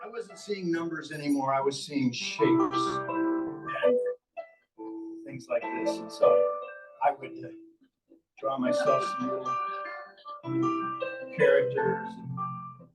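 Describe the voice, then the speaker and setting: A man's voice: mid-range voice, fairly even intonation, slow, long pauses, far from the mic, over loud music, poor audio. A man, a ventriloquist and entertainer, telling funny stories live to an audience in a playful, chatty way that teases the crowd. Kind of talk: live comedic storytelling to an audience. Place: stage in a large hall.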